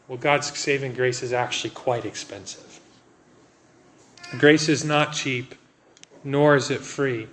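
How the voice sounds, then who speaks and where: A man's voice: mid-range voice, fairly bright tone. Brief: male pastor, thirties, conversational sermon delivery, light background hiss. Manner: earnest, conversational preaching with dramatic pauses.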